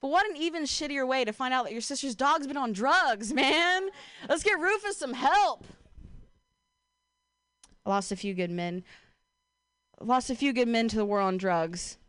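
A woman's voice: fairly high pitch, fairly quick, fairly bright tone, smooth, dry recording. A young woman from Ohio doing a stand-up comedy set, casual and profane, full of "like" and "you know", self-deprecating. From Ohio, USA.

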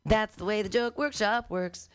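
A woman's voice: mid-range voice, normal speed, smooth, soft background music. Upbeat woman emceeing a comedy night. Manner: upbeat and teasing, hyping up the crowd. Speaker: comedy show host. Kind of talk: live show emcee patter. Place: radio studio.

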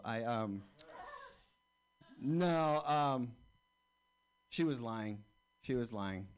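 A man's voice: medium pitch, takes it slowly, long pauses, clean tone. A man doing stand-up comedy, telling a long story and acting out the other people's lines. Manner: animated storyteller, acts out dialogue. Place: comedy club stage.

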